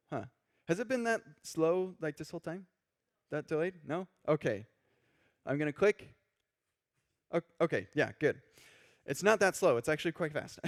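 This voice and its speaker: A man giving a casual live-coding talk on a conference stage, animated and chatty, acting out quoted reactions. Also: a little high. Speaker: conference speaker.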